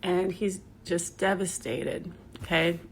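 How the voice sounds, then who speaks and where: There's slight background noise as this yoga teacher, speaking slowly in a lowish voice, wanders through a story. It's casual and chatty, loaded with fillers and side remarks to whoever's listening.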